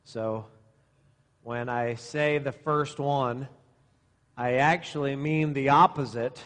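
A man's voice: medium pitch, steady tone, slow, fairly bright tone. A middle-aged male pastor preaching to young men, using sarcasm and exaggeration to make his point. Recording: long reverb in a hall.

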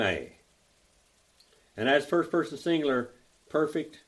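A man's voice: a little high, expressive, a bit bright. Folksy older Oklahoma man teaching. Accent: Oklahoma Southern. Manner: folksy, drawling, spells out grammar slowly. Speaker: Bible teacher. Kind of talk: teaching a Greek Bible study.

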